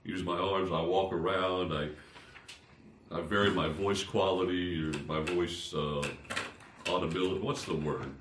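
An older man, a pastor, teaching fellow preachers in an informal, animated way, poking fun at himself and swinging between loud and soft. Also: low-pitched, a little slow, slight background noise. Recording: roomy, distant from the mic.

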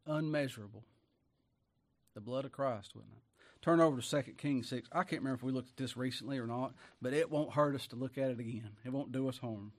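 A man preaching a folksy sermon, swinging between loud declaiming and hushed asides, chuckling often and talking in plain homespun speech. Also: mid-range voice, fairly quick.

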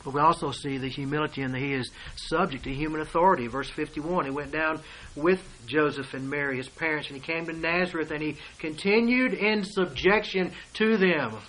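A man preaching a sermon, reading and explaining scripture verse by verse and swinging between hushed asides and loud declarations. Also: a little high, steady tone, quick pace, rough recording.

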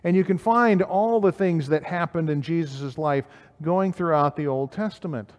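Delivering a sermon at a normal speed, a man with a higher-pitched voice reads Bible passages aloud in King James language and asks his audience questions. The sound carries the echo of a big room.

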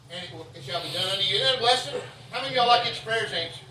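A man's voice: high voice, rapid-fire, bright, forceful tone, reverberant, far from the mic, a little hiss or hum, rough recording. A man preaching a revival sermon in a folksy, repetitive way, leading the crowd to say lines back to him. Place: revival tent.

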